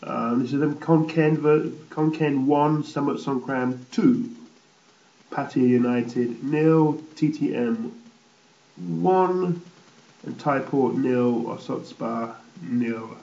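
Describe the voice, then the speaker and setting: A man's voice: medium pitch, takes it slowly, creaky, dark tone. A man from England hosting a casual football results roundup, rambling and blunt, swearing freely. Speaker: football show host. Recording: roomy, slightly dull recording.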